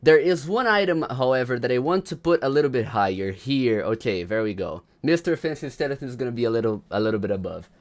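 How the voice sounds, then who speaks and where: A man hosting a livestream in a loose, chatty way, greeting viewers one after another and hyping up the show ahead. His voice sits at an ordinary middle pitch for a man. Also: expressive, fast talker, hardly any pauses. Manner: chatty, greets viewers by name, hypes up the crowd. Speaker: livestream host. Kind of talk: casual livestream chat.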